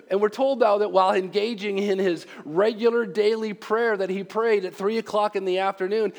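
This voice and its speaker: Pastor, male, fairly high voice, conversational sermon delivery with repeats. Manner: conversational, repeats himself, speeds up and slows down.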